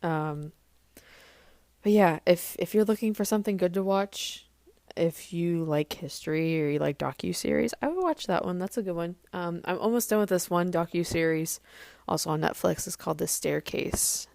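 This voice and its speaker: A woman's voice: fairly low pitch, normal speed, creaky, a little mellow, dry recording, studio quality. A young woman hosting her own podcast, talking casually and rambling with many fillers and restarts. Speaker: podcast host. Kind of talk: casual solo podcast chat.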